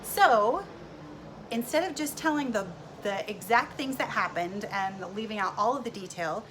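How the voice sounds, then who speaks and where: A woman's voice: medium pitch, animated, normal speed, noisy background. A woman teaching first graders, narrating cheerfully as she draws. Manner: cheerful, narrating while drawing. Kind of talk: recorded lesson with drawing.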